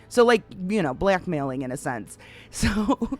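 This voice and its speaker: A woman's voice: on the low side, animated, a little slow. A woman live-streaming a roleplay game, laughing often and telling the story in a rambling, filler-heavy way. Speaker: streamer playing a roleplay character.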